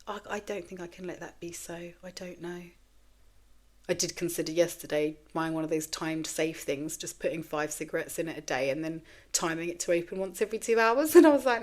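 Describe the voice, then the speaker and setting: A woman's voice: fairly low pitch, fairly quick, a little mellow. A woman in her forties hosting a podcast, talking candidly and rambling in a raw, tearful state, swearing freely. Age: 40s. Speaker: podcast host. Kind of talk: casual confessional monologue.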